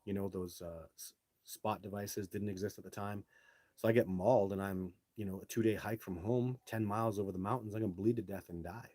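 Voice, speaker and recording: A middle-aged man hosting a live show, telling his own stories casually and answering viewer questions in an animated way, with some swearing. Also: fairly low pitch, brisk, dry recording.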